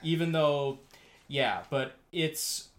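A man with a voice on the high side co-hosts a casual podcast, explaining ideas in a measured way and frequently pausing on fillers as he hunts for words.

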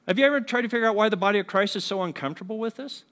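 A man with a higher-than-usual voice delivers a sermon to a live congregation. He keeps it conversational and joking, often asking the room questions. He slips into quoted voices to act out how people talk to each other. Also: very fast, a bit bright. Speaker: pastor. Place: church before a congregation.

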